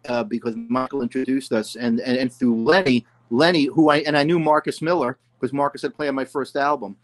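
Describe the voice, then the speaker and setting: Older guy rambling thru music stories, lots of you know, talks in a middle-pitched voice. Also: fairly even intonation, fairly quick. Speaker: guest musician. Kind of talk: casual storytelling interview.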